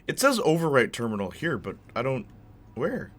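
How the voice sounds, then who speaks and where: A man's voice: medium pitch, huge pitch swings, normal speed, a bit bright. A young man hosting a gaming channel, rambling and telling stories in casual chat while he plays. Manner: rambling, chatty storyteller. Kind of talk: casual gameplay commentary.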